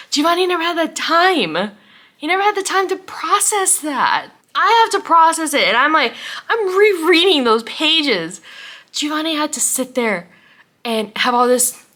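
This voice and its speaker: A woman's voice: high-pitched, pushed and bright. A tired, tearful woman rambling emotionally about a book in a late-night vlog, sometimes dropping to a whisper. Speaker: book vlogger.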